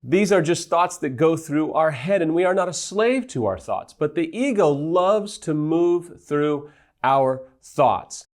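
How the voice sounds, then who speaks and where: A man's voice: fairly high pitch, expressive, measured pace. A man giving an earnest teaching talk as a recovery counselor, stressing his points in lists. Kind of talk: teaching monologue.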